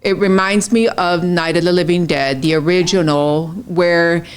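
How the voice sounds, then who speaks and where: A woman's voice: fairly low pitch, fairly even intonation, a little slow, smooth. A middle-aged woman, a guest on a movie podcast, chatting in an earnest way and often hedging her facts. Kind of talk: casual chat.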